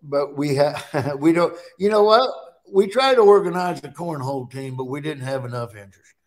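Middle-aged man from Nebraska, slightly high voice, animated storyteller for a casual talk guest spot. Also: moderate pace. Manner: storytelling, animated, acts out his own quotes. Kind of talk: casual chat.

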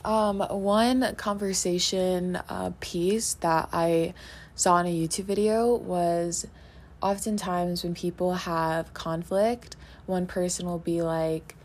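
Woman co-host, low-ish voice, calm and thoughtful, casual talk. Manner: thoughtful, measured explaining. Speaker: podcast co-host. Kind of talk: casual reflective chat.

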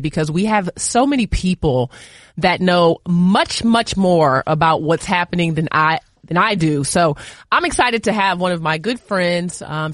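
A woman's voice: fairly low pitch, fairly bright tone, no echo, clean studio sound. A woman hosting a podcast, chatting playfully with a guest and laughing easily. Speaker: podcast host. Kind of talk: casual chat, interviewing a guest.

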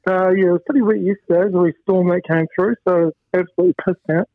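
A man from New Zealand, a former fast bowler and coach, chatting casually with lots of fillers over the phone. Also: high-pitched, dry recording. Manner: relaxed, rambling with many fillers. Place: home in Queensland, by phone. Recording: tinny phone line.

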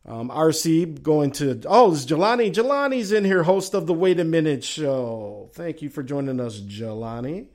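A man with a Southern drawl hosts a laid-back sports talk show. His voice sits a touch higher than most men's, and he rambles in a folksy way, musing over teams and reading out chat comments. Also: lively intonation, normal speed, hardly any pauses, darkish tone.

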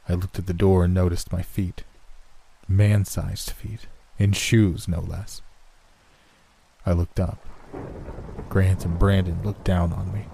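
A man reading a horror story aloud in measured scripted narration. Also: sits low, little pitch movement, vocal fry, dark tone, slight background noise. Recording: rain and thunder sounds behind.

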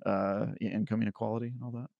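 A man's voice: fairly low pitch, flat delivery, fast, creaky, dry recording, muffled recording. A man co-hosting a games podcast, chatting casually in an opinionated, joking way, with some fillers and restarts. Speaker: podcast co-host. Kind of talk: casual chat.

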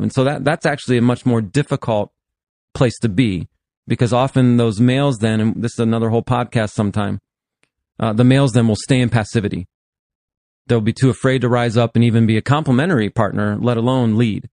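A man's voice: mid-range voice, brisk, dry recording. Earnest man in his fifties, dry sound. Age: 50s. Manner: earnest, animated, laughs while talking. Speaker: pastor and therapist. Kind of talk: podcast conversation.

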